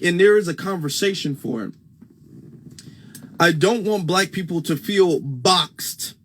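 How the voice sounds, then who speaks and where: A man's voice: fairly high pitch, fairly bright tone. A man with a Midwestern US accent hosting a casual livestream on a phone, emphatic and repeating his points for stress. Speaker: livestream host.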